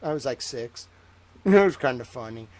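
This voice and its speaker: A man's voice: mid-range voice, animated, moderate pace, a little mellow. A man hosting a livestream, chatting casually in a rambling, profane way with lots of fillers. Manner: rambling, profane, heavy use of "like". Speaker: livestream host.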